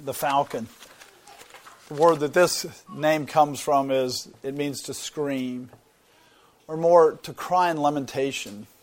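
A man's voice: on the high side, steady tone, takes it slowly. A man teaching a Bible sermon, explaining things earnestly and often repeating words as he thinks. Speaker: preacher.

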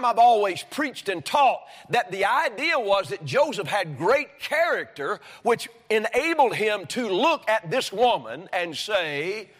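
A man's voice: sits high, very animated, a little slow, few pauses, fairly bright tone, long reverb tail. A male pastor preaching a sermon, emphatic and repeatedly questioning his congregation. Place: church sanctuary.

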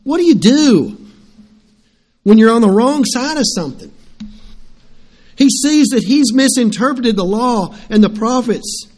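Man, middle-aged pastor, high voice, sermon, storytelling, rhetorical questions. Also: animated, measured pace, long pauses, darkish tone.

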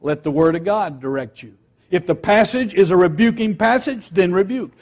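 A man teaching a lesson on preaching, emphatic and earnest, slowing down and dropping quiet on key words. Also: high-pitched, dull audio. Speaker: preaching instructor.

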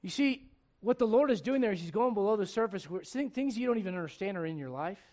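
A man preaching a sermon, acting out bits of dialogue with humor and laughter, swinging from loud punchlines to hushed, earnest points. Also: sits high, expressive, fast talker. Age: adult. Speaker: pastor.

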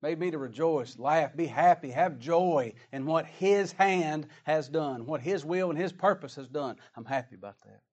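Emphatic preacher man, fairly high voice. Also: normal speed, hardly any pauses, darkish tone. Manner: emphatic, with rhetorical questions and scripture readings. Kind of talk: sermon.

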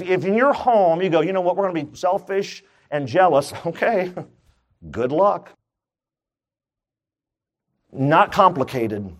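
A man preaching a sermon, asking his congregation questions and joking as he goes. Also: on the high side. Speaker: pastor. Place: church.

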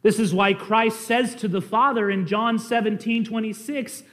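A man preaching a sermon as a pastor, impassioned, rising to loud emphasis and dropping to quiet pleading. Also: high-pitched, steady tone, normal speed.

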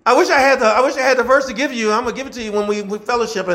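A man, a pastor preaching a sermon in a church, repeating phrases and building to shouts. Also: very high-pitched, steady tone, racing. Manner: repetitive call-and-response preaching, swelling to shouts.

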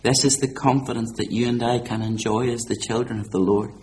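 A man delivering a sermon at a middle pitch, climbing to loud, high proclamation and then dropping to a hushed, slowed delivery. A faint hum of room ambience sits under his voice. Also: steady tone. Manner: rises to loud, high preaching and drops to quiet, slow emphasis. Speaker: preacher.

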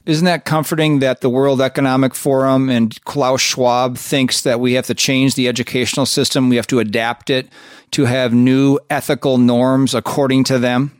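A man's voice: mid-range voice, little pitch movement, moderate pace, no room sound, studio quality. A man hosting a show and commenting skeptically on clips, asking rhetorical questions. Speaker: show host.

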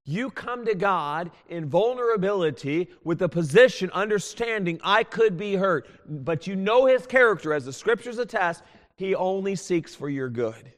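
A man preaching a sermon as a pastor, earnest and pleading, swinging from loud appeals to hushed tones. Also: high-pitched, animated, moderate pace. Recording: long hall reverb.

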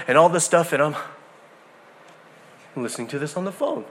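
Male pastor, middle-aged, sermon, conversational storytelling, slightly high voice. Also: normal speed. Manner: conversational, animated storytelling with restarts.

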